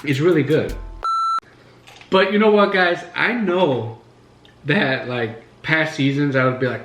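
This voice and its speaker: A man's voice: a little high, a little slow, pauses often, fairly bright tone, a little hiss or hum. A man hosting a casual chat at home while eating, telling stories in a rambling way with lots of fillers. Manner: rambling, filler-heavy storytelling. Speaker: host. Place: living room at home. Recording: echoey room, faint music.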